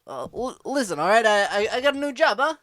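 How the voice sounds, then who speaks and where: In an improvised comedy sketch, a man does a rambling tough-guy impression with a put-on Boston accent, gruff and wiseguy-like, full of fillers and a "bada bing" catchphrase. His voice is high, sing-song, fairly bright and quick, in a dry, clean studio recording.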